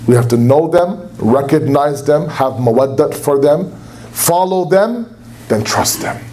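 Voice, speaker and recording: Speaking at a religious gathering, this young man preaches with passion from a lecture hall in a religious center, lifting his voice to dramatize the quotes he shares. His pitch leans high, his tone is warm and expressive, and his pace stays unhurried, with a little noise in the background.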